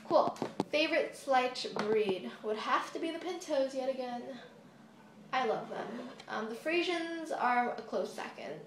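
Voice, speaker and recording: A woman's voice: high-pitched, expressive, a little slow. A young woman from the United States chatting casually through a Q&A vlog, rambling with giggly asides, filmed on a phone propped on a table. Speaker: model horse YouTuber. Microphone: phone camera propped on a table. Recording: echoey room, faint background hiss.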